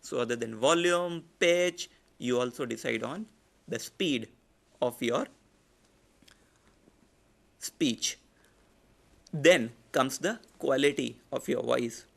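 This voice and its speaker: A man with an Indian English accent, a public speaking trainer giving a lecture and demonstrating shifts in volume, pitch and pace. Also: creaky. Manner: demonstrates loud, soft, fast and slow delivery. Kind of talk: online lecture.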